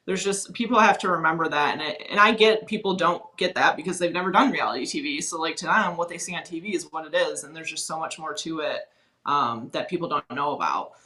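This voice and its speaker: Bright-voiced chatty young woman. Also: sits low, fast, rough recording. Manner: chatty, frank, lots of "like". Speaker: former contestant guest. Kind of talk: casual podcast discussion.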